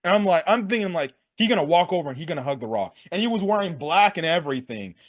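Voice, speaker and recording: A young man casually recapping a wrestling event for his sports channel, slangy and excitable, laughing and acting out what people said. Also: a little high, fast. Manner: excitable, slangy, laughs a lot, acts out quotes. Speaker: sports commentary vlogger.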